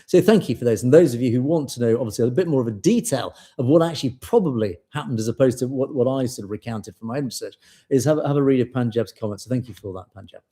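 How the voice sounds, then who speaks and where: A man's voice: medium pitch, quick pace, dark tone. A man with a British accent hosting a live show and reading viewer comments, chatty and rambling, with many restarts. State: voice tiring.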